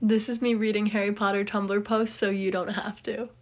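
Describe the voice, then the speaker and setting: A woman's voice: medium pitch, level tone, moderate pace, a little mellow, soft background music. A woman doing a put-on British accent, reading fan posts aloud for comedy and naming each speaker before their line. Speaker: content creator.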